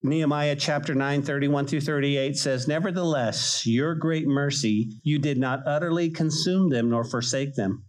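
Pastor with a fairly high voice. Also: male voice, moderate pace, hardly any pauses, rough recording. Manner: emphatic, conversational preaching with repetition. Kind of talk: sermon.

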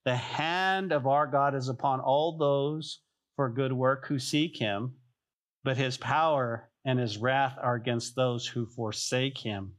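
A man's voice: medium pitch, slow pace. A man pastor preaching a sermon, telling stories and acting out voices, often repeating himself. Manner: animated storytelling, acts out voices, repeats phrases. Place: church sanctuary.

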